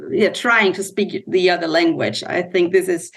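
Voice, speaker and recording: A woman from Germany with a German accent, a podcast guest speaking English thoughtfully with pauses and fillers over a video call. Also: lowish voice. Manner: thoughtful, hesitant, many fillers. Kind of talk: casual interview chat.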